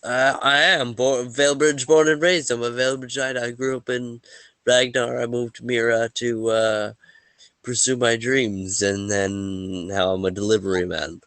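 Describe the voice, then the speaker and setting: A man's voice: mid-range voice, level tone, a little slow, a bit bright, smooth, no room sound. A man voicing a humble, easygoing male merchant in a tabletop game, rambling with fillers. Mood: friendly. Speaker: game master voicing a character. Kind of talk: tabletop role-play.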